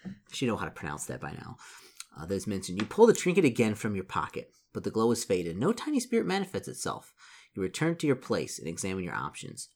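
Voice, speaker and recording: A man reading a solo gamebook aloud, stumbling over words and breaking off into animated asides. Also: deep voice, fast talker, a little hiss or hum. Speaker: reader playing a solo gamebook.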